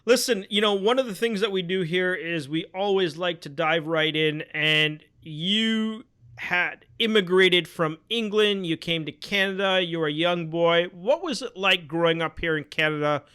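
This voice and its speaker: A man hosts an interview, upbeat and encouraging toward his guest. His voice is fairly high and bright. His speech is smooth and clear. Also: moderate pace. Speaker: podcast host. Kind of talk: casual interview talk.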